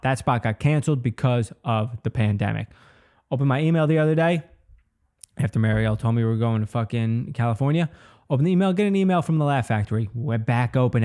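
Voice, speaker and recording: Twenties male comic, solo podcast ramble, mellow low-key tone, profane and loose. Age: 20s. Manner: rambling, profane, says "dude" often. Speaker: comedian and podcast host. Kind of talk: casual solo podcast monologue.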